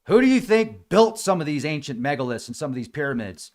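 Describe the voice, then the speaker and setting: A man hosting a podcast in a casual, rambling monologue, sarcastic and prone to mimicking gullible people, talking with a dry mouth at high altitude in the mountains. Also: very animated, fairly quick. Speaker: podcast host.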